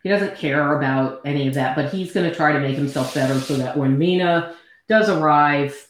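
Low-voiced woman in a very echoey room. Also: moderate pace, slight background noise. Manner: expressive, acts out quoted lines. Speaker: book podcast co-host. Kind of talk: casual book discussion.

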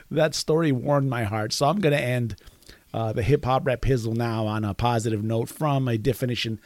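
A man's voice: medium pitch, moderate pace, a little mellow, no echo. A man hosting a podcast, telling a story in a loose, rambling way, often breaking into chuckles. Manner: chuckles often between sentences; self-deprecating, rambling with restarts. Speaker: podcast host. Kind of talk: casual storytelling monologue.

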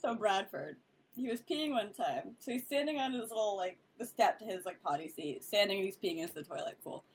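A woman's voice: mid-range voice, animated, brisk, a little hiss or hum. A mother guesting on a podcast, talking bluntly and with profanity in casual chat.

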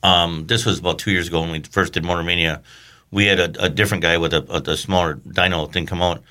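A man co-hosting a radio show, chatting casually and joking with a guest. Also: deep voice. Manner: excited, rapid, joking.

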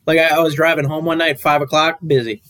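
A man's voice: fairly high pitch, flat delivery, fast talker, fairly bright tone. A man co-hosting a podcast in casual chat, easygoing and rambling, laughing often. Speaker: podcast co-host.

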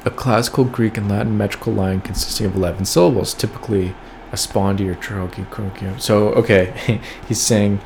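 A man's voice: on the low side, fairly even intonation, a little fast, vocal fry, a little mellow, a little hiss or hum. A man casually reading old poems aloud and commenting on them with wry, profane asides, sometimes stopping to spell out words. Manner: reads lines aloud then riffs with wry, profane asides; spells out words letter by letter while looking them up. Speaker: podcast host reading poems.

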